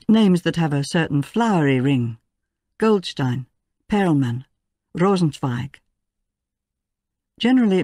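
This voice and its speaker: A woman narrating a first-person memoir in a measured, quiet audiobook reading. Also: deep voice, no room sound, studio quality.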